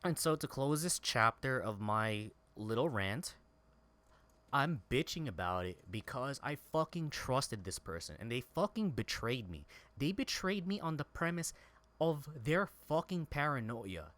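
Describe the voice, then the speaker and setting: A man's voice: medium pitch, big pitch swings, measured pace, a bit bright. A man streaming a game and giving a heated, profane, repetitive personal rant. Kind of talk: angry personal rant over gameplay.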